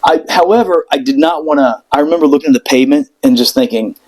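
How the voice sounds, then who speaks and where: A middle-aged man with a slightly raised pitch tells his story in a loose, casual way. He is animated, slips into the voices of the people in it and swears freely. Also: fast, rough recording. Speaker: podcast guest telling a story.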